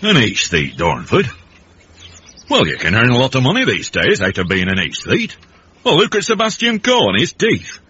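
Brief: dry, blunt older uncle, lively rise and fall, radio comedy, dull hissy broadcast. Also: male voice, mid-range voice, normal speed, husky, heavily acted. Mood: deadpan. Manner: blunt and deadpan. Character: gruff, dry-witted older northern uncle. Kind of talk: 1980s radio comedy acting.

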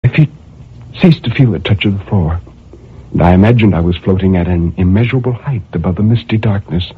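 A tormented murderer in a cell, tinny radio. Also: male voice, low voice, fairly quick, breathy edge. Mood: brooding. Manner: intense, surging from brooding murmurs to anguished cries. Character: tormented male murderer pacing his prison cell. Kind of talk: dramatic radio monologue. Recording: tinny old radio broadcast.

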